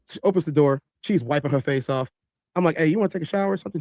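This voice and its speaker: A man telling a long story in animated style, acting out other people's voices. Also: fairly high pitch, racing, background noise. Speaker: podcast host telling a story.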